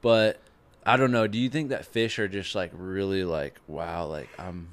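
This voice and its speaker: A man's voice: low voice, steady tone, moderate pace. A young man co-hosting a podcast, trading crude jokes, laughing often and swearing freely. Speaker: podcast co-host. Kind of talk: crude casual banter.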